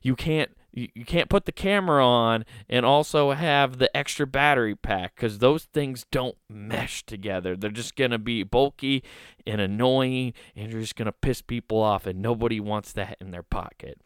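A man's voice: lowish voice, normal speed, clean tone, dry recording, clean studio sound. A man hosting a comedy podcast, giving sarcastic, mocking commentary and laughing often.

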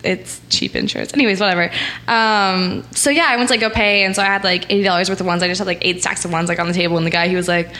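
A woman's voice: on the low side, steady tone, racing, sharp tone. A young woman guest in a casual podcast chat, talking loosely with many fillers. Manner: chatty, lots of likes and ums, laughs often.

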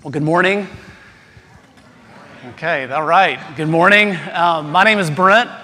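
A man, a pastor, delivering an Easter sermon, shifting between a soft prayer and humorous stories told to his congregation. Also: on the high side, measured pace. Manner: humorous storytelling with self-deprecating asides. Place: large church sanctuary. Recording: long hall reverb.

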